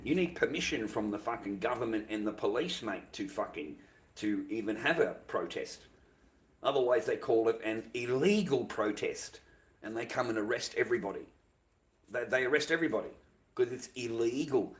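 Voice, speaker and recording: A man's voice: mid-range voice, normal speed. An Australian man live streaming an angry, profane rant, swearing constantly and repeating himself.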